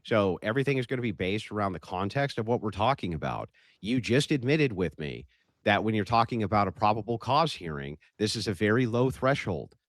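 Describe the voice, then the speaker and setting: A man's voice: lowish voice, big pitch swings, a little fast, dry recording. A man arguing bluntly in a heated online debate, pressing his point and cutting in. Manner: blunt, combative, interrupts.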